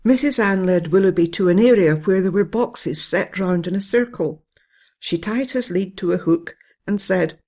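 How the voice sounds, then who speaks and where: A storyteller reading a children's bedtime story in a gentle, steady way. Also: medium pitch, normal speed. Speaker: narrator.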